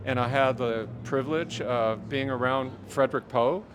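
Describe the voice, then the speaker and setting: A man's voice: mid-range voice, moderate pace. An older man, a longtime collector, answering interview questions in a reflective way. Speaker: mineral collector guest. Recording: busy crowd noise behind. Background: crowd chatter.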